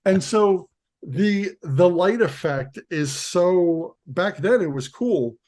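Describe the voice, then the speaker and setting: A man's voice: high-pitched, expressive, slow, darkish tone. A man co-hosting a casual chat about comics, rambling with restarts and lots of "like". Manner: rambling, restarts, many likes. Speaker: co-host.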